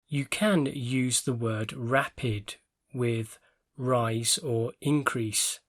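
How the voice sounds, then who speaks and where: A man teaching English vocabulary in a scripted lesson, explaining words clearly and carefully with attention to stress. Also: mid-range voice, a bit bright, dry recording.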